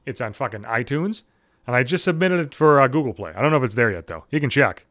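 A man's voice: medium pitch, big pitch swings, racing, fairly bright tone, no echo, clean studio sound. A man hosting a podcast, telling a story as an angry, sarcastic rant, swearing constantly and acting out both sides of each exchange. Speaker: podcast host. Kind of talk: profane comedic rant.

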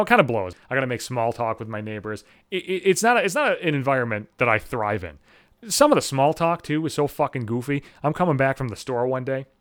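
A man doing a profane, exasperated comedic monologue about his neighbors, acting out their lines in quick quoted voices. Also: mid-range voice, a bit bright, dry recording, clean studio sound. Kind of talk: stand-up style comedic monologue.

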